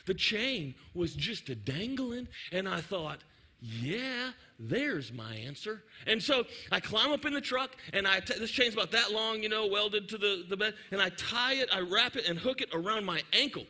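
A man, preaching to his congregation. He tells a lively, joking story and talks directly to the crowd. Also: sits high, normal speed, few pauses. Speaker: pastor. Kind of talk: sermon storytelling.

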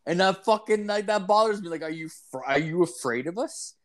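Young male podcast co-host; profane, lively storyteller. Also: high-pitched, a little fast. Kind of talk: crude casual chat.

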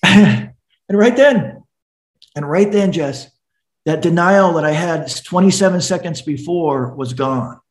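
Speaking slowly in a fairly high voice, a middle-aged man, a recovery coach, recounts his personal story earnestly on a podcast, performing the voices of the people involved.

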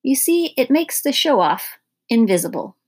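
A woman voicing a calm, reassuring older woman who speaks matter-of-factly. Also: on the high side, moderate pace, slightly rough, pitched above the performer's own voice. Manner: matter-of-fact.

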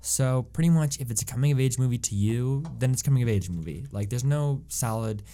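A man's voice: medium pitch, fairly quick, dark tone. A young man co-hosting a casual movie podcast, talking loosely with lots of fillers and making wry joking asides. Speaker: podcast co-host. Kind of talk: casual movie-review chat.

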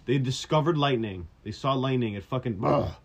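A man's voice: medium pitch, moderate pace, vocal fry. A young man co-hosting a podcast, chatting casually and crudely, swearing often and joking around. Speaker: podcast co-host. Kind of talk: casual chat.

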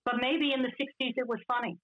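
A woman in casual conversation who talks in a lively way with exasperated asides. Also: high voice, quick pace. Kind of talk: casual chat about classic TV. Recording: dull lo-fi audio.

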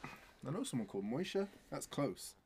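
Man in his thirties, podcast co-host, easy mid-pitched voice, slangy and laid-back. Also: normal speed, a little hiss or hum. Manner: relaxed slang-heavy banter, drops into low murmured joke voices. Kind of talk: casual chat.

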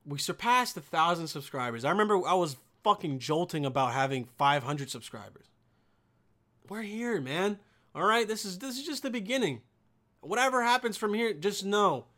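A young man with a high-pitched voice hosts his channel and rips into cringe videos. His talk is profane, mocking and rambling, full of fillers and asides to his viewers. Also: animated, normal speed, fairly bright tone. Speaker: vlogger. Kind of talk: casual commentary on videos.

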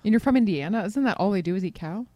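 Female podcast co-host, quick and lively, dry close mic. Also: medium pitch, no echo. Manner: quick, lively, chiming in with affirmations. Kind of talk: casual chat.

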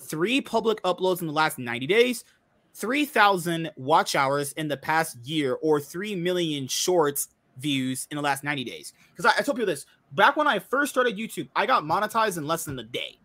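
A man's voice: fairly high pitch, animated, moderate pace, pushed and bright. A man hosting a casual podcast chat, joking and swearing as he talks. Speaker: podcast host.

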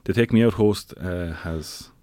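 A man with a very low voice, chatting casually as a co-host, dropping wry asides between fillers. The sound is dry and close, with no room echo. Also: a little slow, dark tone. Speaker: podcast co-host. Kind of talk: casual chat.

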